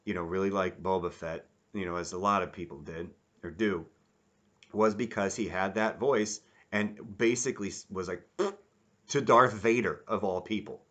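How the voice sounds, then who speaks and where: A man giving a rambling, casual review, animated and acting out quotes in mock voices. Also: low voice, moderate pace. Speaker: YouTube reviewer.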